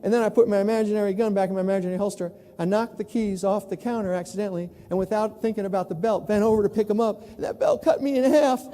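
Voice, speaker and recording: High-voiced man telling stories in a hall. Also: racing, hardly any pauses. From New York. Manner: animated, self-mocking storyteller. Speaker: plenary speaker. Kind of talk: storytelling conference talk. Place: large conference hall. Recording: long reverb in a large hall.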